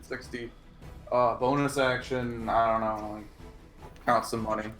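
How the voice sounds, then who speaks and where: A man playing a tabletop game, talking quickly and joking. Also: mid-range voice, little pitch movement, a bit bright, faint music behind. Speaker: player. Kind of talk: casual game talk.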